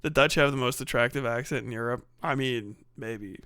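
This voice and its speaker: A man's voice: medium pitch, moderate pace, sharp tone, smooth, no echo, studio quality. A middle-aged man live streaming, reading donations in casual chat, profane and rambling. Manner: profane, rambling, laughs often.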